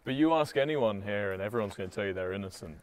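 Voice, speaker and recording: A man putting on a world-weary veteran inmate with a low drawl, improvising during a comedic game session. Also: expressive, fast, natural voice. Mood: jaded. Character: weary veteran male prison inmate, jaded and cool. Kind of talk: improvised comedic role-play over a video game.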